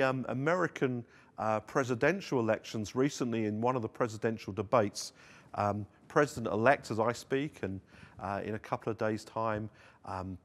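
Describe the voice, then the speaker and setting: A man preaching a sermon at a church service, earnest, with rising emphasis on key lines. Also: fairly low pitch. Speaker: pastor. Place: church service streamed online.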